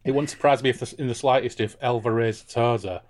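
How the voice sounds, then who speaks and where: A man's voice: mid-range voice, fairly even intonation, brisk. A man hosting a casual book discussion podcast, irreverent and jokey. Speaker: podcast host.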